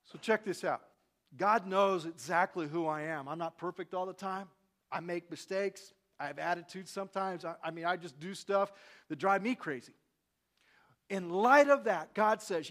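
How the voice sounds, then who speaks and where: A man preaching a sermon to a congregation in a church hall, reading scripture with dramatic loud peaks and asking the room questions. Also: sits high, moderate pace. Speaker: pastor.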